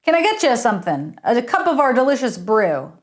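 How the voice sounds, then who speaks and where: A woman voicing a smug, pompous, portly male hotel owner who talks in a booming, showy way. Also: big pitch swings, a little fast.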